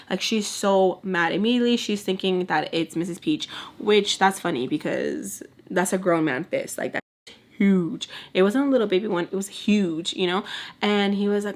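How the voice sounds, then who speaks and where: Animated woman telling a nanny story. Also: medium pitch, normal speed. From Texas. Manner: animated, swears a lot, acts out voices, mixes in Spanish. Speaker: storytime vlogger. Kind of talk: casual storytime chat.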